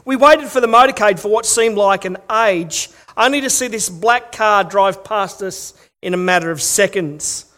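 A man's voice: high-pitched, normal speed, few pauses, pushed and bright. A middle-aged Australian man preaching a sermon, telling stories with wry humor and rhetorical questions. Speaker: pastor.

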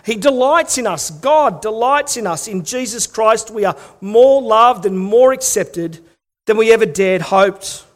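A man's voice: high-pitched, lively intonation, a little slow. A middle-aged Australian man preaching a sermon, telling stories with wry humor and rhetorical questions. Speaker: pastor.

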